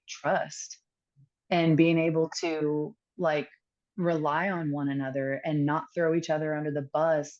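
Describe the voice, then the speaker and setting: A woman telling a candid personal story as a podcast guest, earnest and reflective, pausing often with fillers. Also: deep voice, darkish tone, muffled recording.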